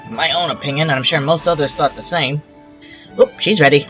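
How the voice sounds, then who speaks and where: Gaming host, male, rambling let's-play chatter, bright tone, higher voice, faint game music under. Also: a little fast. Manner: rambling, self-talking, exasperated asides. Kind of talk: casual let's-play commentary.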